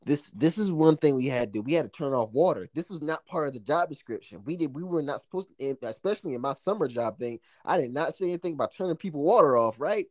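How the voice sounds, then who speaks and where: A man's voice: on the high side, quick pace, few pauses, dry recording, studio quality. Young man telling a profane story. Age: young adult. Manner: animated, profane, laughing storytelling with acted quotes. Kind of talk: casual chat.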